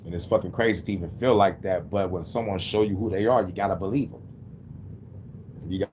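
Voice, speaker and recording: A man's voice: deep voice, a little fast, darkish tone, a little hiss or hum. A man talking casually on his livestream, rambling and venting with heavy swearing. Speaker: livestreaming musician.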